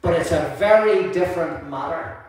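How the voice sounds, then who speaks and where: High-voiced preacher in an echoey church. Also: male voice, normal speed. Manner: prays softly, then preaches with lively storytelling and laughter. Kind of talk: sermon. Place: church hall. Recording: echoey room from far off.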